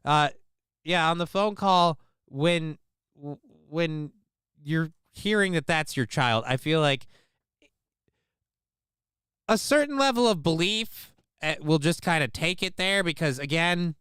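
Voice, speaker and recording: Man, livestream host, rambling, profane, joking, crisp clear voice. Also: fairly high pitch, a bit bright, dry recording, studio quality. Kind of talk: casual chat to a live chat.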